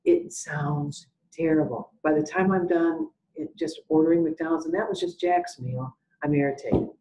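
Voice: mid-range voice, animated, moderate pace, creaky, dark tone, slight background noise, rough recording. A salon business educator giving an e-learning webinar talk, emphatic and fond of telling stories. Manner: emphatic, tells stories and acts out exchanges.

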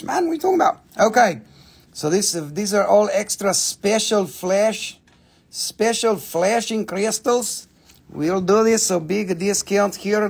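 A man hosting a live gemstone sale, excitable and cursing freely, breaking into snatches of song. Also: high voice, creaky, breathy edge. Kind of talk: live shopping stream. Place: home shop.

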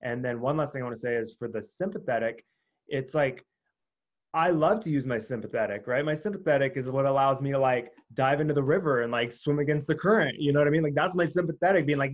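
Guest guy, mid pitch, earnest explainer, muffled lo-fi line. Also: fast talker. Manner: earnest and explanatory, with filler words. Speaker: guest, breathwork coach. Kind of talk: casual conversational interview.

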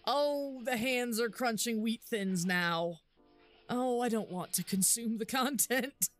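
A woman's voice: fairly high pitch, takes it slowly, faint music behind. A young woman streaming a game, chatting casually and giggling often while she thinks aloud with lots of fillers. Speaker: livestreamer. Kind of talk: casual live gameplay commentary.

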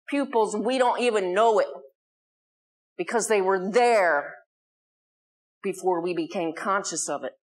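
An American woman leading a spiritual community, giving an earnest, conversational Sunday talk and putting questions to the people in the hall. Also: fairly high pitch. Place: community hall before a live audience.

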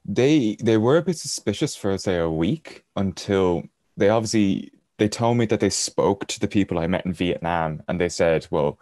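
Very low-voiced male guest, rambling anecdotal storyteller who laughs along. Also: lively intonation, normal speed, darkish tone, dry recording, clean studio sound. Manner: rambling, chuckles through his anecdotes. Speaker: podcast guest. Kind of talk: casual storytelling.

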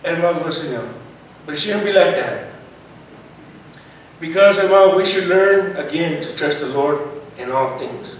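Recorded far from the mic in a very echoey room with slight background noise, a male preacher with a somewhat high voice gives a sermon and reads scripture. He frequently drops in Spanish phrases and keeps saying "hermano" and "praise God."

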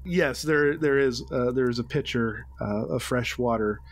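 A man narrating a tabletop game as game master, describing scenes with halting pauses. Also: mid-range voice.

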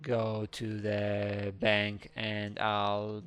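A man hosting a gaming video, chattering excitedly through live gameplay commentary with small slips in his English. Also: lowish voice, extremely slow, clean tone. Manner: excitable, narrates his own actions, squeals when scared.

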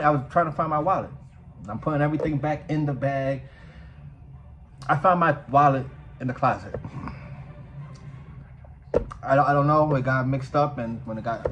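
A man vlogging casually, telling a story in a profane, animated way. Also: mid-range voice, normal speed, pauses often, background noise.

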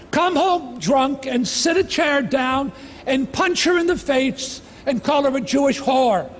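A man in his sixties giving an emotional personal testimony in a slow, dramatic delivery with heavy pauses, speaking in a large outdoor amphitheatre. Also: very high-pitched. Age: 60s. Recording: long reverb from a large venue, faint ambience.

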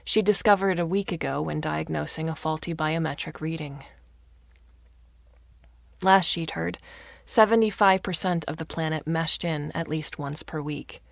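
A woman reads a story aloud with expressive, wry narration. Her voice is low and noticeably gravelly. The recording is dry and close to the mic. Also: unhurried, no room sound.

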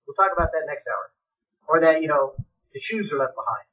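A man preaching a fiery sermon on the radio, swinging from shouted pleas to hushed, dramatic asides. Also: a little high, lively intonation, brisk, distant mic, narrow, tinny audio.

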